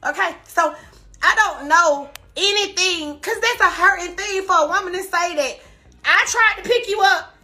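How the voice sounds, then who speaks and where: Tearful high-voiced woman ranting defensively. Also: moderate pace, bright, forceful tone. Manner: emphatic, repetitive, defensive denials. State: crying. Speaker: social media personality on a live stream. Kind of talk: emotional livestream rant.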